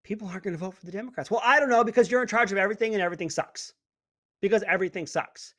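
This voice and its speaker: A man's voice: high voice, very fast, a bit bright, dry recording, clean studio sound. A man hosting a talk radio show, ranting in an indignant, sarcastic way. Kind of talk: opinionated talk radio monologue.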